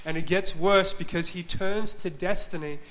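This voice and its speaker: A male pastor gives a sermon in a church, speaking earnestly as he tells a story. His voice sits a little high for a man. He keeps a narrow, level pitch throughout. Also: fairly even intonation, normal speed, fairly bright tone.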